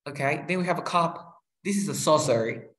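A man teaching a one-on-one lesson, patiently saying each word slowly and repeating it. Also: a little high, fairly bright tone. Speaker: English tutor.

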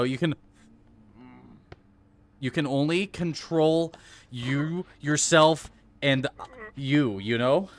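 A man streaming live gameplay, talking himself through each move and flaring into swearing rage between laughs. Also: a little high. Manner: excitable, swears and rages, coaches himself aloud.

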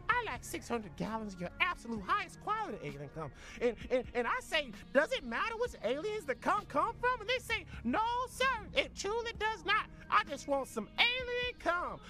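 A woman voicing a pushy alien vendor in a video game, talking in rambling, high sales patter. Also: very animated, normal speed, hardly any pauses, bright, forceful tone, exaggerated voice. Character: pushy alien vendor hawking odd goods. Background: game music.

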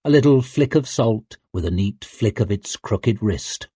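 A man narrating an audiobook in a measured, even storytelling manner. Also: lowish voice, husky, no room sound. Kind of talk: scripted narration.

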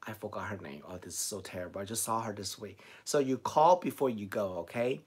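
A husky, darkish, lowish voice moves at a fairly quick clip. The speaker, a beauty vlogger who sounds middle-aged and has a Chinese accent, chats casually on a live stream, reading out viewers' comments and answering them one by one. He's chatty and laughs easily and often between replies.

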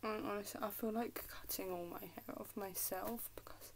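A woman's voice: medium pitch, fairly even intonation, a little slow, slight background noise. A young woman with an English accent, chatting casually to camera at home, giggling and dropping into whispers. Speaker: vlogger. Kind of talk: casual rambling chat to camera. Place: at home in her room.

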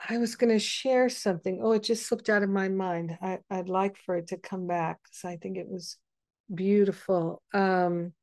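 A woman hosting an online spiritual gathering, telling a personal story in a gentle, meandering way with frequent pauses and restarts. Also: medium pitch, fairly even intonation, dry recording, clean studio sound.

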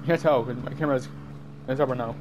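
A man giving jumpy, excited commentary while playing a game, easily startled and laughing at himself. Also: mid-range voice, fast talker, lo-fi sound, background noise. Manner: jumpy, screams and laughs at scares, self-mocking. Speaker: gamer.

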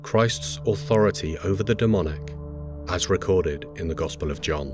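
A man reading scripture aloud in a solemn, measured, unhurried way. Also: deep voice, over music. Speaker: scripture reader.

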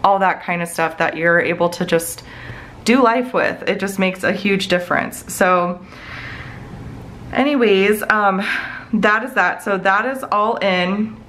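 A planner vlogger in her thirties talks in an unhurried, mid-range, fairly bright voice, and the audio is poor with a little hiss or hum. She chats casually in her home office as she plans, rambling and using many fillers.

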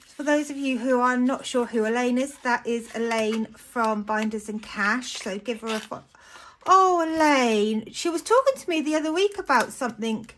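Chatty British woman, slightly high voice. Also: normal speed, hardly any pauses, a little hiss or hum. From United Kingdom. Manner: chatty and gushing, with frequent excited exclamations. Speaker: budgeting vlogger. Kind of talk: casual chat to camera.

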